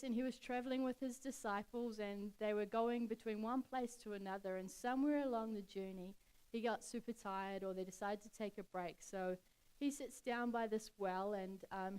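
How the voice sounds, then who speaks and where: A young adult woman speaking at a church, retelling a Bible story in a chatty, relaxed way with casual slang. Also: medium pitch, moderate pace, clear, resonant tone, rough recording.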